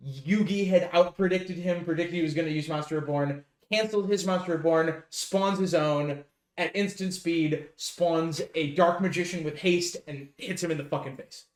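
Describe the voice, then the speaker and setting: A man's voice: a little high, normal speed. Profane rambling man in an echoey room. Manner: rambling and profane, many fillers. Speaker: podcast co-host. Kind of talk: casual recap chat.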